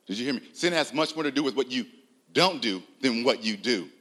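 Bright-voiced emphatic male preacher. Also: expressive, fairly quick. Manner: emphatic, rising loud on key lines, drops low and soft; uses rhetorical questions and audience address. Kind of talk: sermon.

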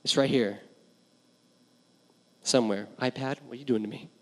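A man's voice: medium pitch, fairly even intonation, normal speed, fairly bright tone. A young man preaching a sermon as a pastor, earnest and candid, stumbling over restarts and building to emphatic passages. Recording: long hall reverb.

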